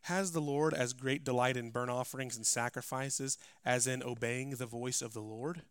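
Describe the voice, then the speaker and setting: A male pastor preaching a sermon, climbing to loud, emphatic passages and dropping to quiet asides. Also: mid-range voice, fairly even intonation, normal speed, clear, resonant tone, dry recording, studio quality. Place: church.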